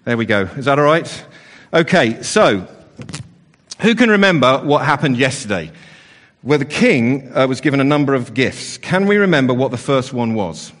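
A man's voice: mid-range voice, expressive, moderate pace, fairly bright tone. A man leading an all-age church service, chatty and playful with the children, with lots of fillers and restarts. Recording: long church reverb.

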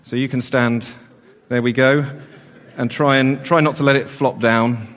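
A man's voice: medium pitch, steady tone, a little slow, a bit bright. A man leading an all-age church service, chatty and playful with the children, with lots of fillers and restarts. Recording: long church reverb.

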